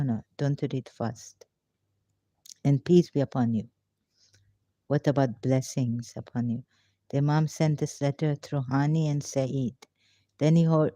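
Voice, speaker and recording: An ex-Muslim commentator, a woman with a deep voice and dark tone, reads a religious text aloud and breaks off with emotional, pleading rhetorical questions. The recording is dull, lo-fi and dry, with no room sound.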